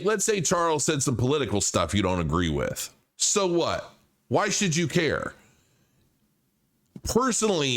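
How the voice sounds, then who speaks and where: A man talking straight to camera about crypto in a casual, blunt and profane rant, often restarting his sentences with repeated words. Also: on the high side. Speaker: crypto commentator.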